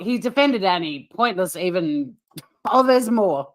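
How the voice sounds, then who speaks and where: A woman's voice: mid-range voice, sing-song, measured pace. An Australian woman co-hosting a casual reaction chat, blunt, swearing and laughing often. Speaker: channel co-host.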